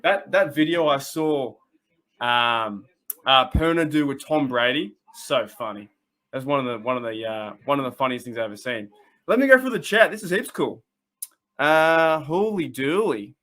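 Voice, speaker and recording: An Australian man hosting a casual fan livestream, excitable and rambling, often restarting his sentences and laughing as he reads the chat. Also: mid-range voice, normal speed. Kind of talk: casual live-stream chat.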